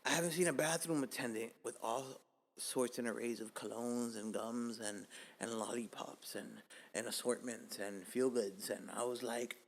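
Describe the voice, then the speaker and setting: Man, podcast host, from Miami, casual storytelling, profane, loud bursts and whispers, reverberant room. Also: medium pitch, normal speed. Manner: profane, animated, swings between loud bursts and hushed asides.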